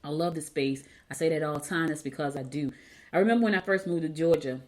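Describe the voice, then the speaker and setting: A woman's voice: low voice, fast. A woman raised in New Jersey hosting a casual solo podcast, chatty and repeating herself as she retells conversations. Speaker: podcast host.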